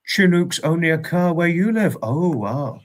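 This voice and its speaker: A man hosting a livestream in casual chat, warmly greeting viewers and reading out their comments with frequent chuckles. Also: a little high, lively intonation, a little slow. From United Kingdom. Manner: affectionate, greets viewers as darling, chuckles often. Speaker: livestream host.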